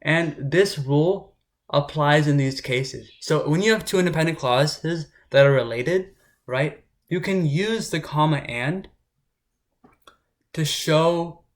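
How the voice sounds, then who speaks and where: A man's voice: fairly high pitch, measured pace. A man working as a test prep tutor, explaining grammar rules in an informal way and often checking in with listeners. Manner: informal, talks it through with frequent "right?" check-ins.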